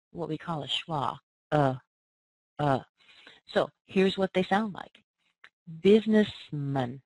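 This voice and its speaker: A woman's voice: low-pitched, darkish tone, dry recording, rough recording. A woman, coaching pronunciation by answering listener questions and patiently modeling sounds and words aloud.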